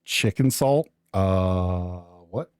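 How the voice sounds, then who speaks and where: A man's voice: sits low, drawn-out words, clean tone, no echo. A man casually chatting with his viewers during a live stream, joking and thinking aloud while he builds.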